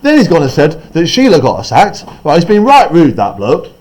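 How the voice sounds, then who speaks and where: A man's voice: a little high, very animated, moderate pace, a little mellow. A man teaching a class, explaining a play text in a chatty way and often checking in with "right?".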